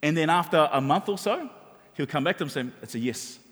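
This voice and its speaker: High-voiced man preaching in a reverberant hall. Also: fast talker. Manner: animated, conversational preaching with many restarts. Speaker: pastor. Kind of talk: sermon.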